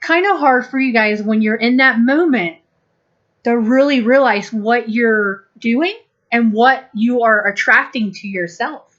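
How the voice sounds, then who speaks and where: Slow-spoken woman channeling spiritual guidance. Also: a little high. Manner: slow, gentle and deliberate, acting out little quoted exchanges. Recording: dull lo-fi recording.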